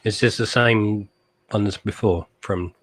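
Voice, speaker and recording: A man co-hosting a live stream in a casual chat, talking in quick bursts with jokey asides. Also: lowish voice, steady tone, a bit bright. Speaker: co-host.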